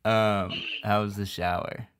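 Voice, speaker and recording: A man's voice: lowish voice, little pitch movement, measured pace, fairly bright tone, smooth. A man hosting a recorded casual chat, playful and joking, and laughing often.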